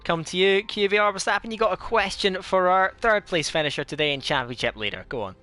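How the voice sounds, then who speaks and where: A man hosting a racing league's post-race broadcast, his voice smooth, bright and a little high. He hesitates with frequent fillers as he asks questions. Faint music sits underneath. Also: a little fast.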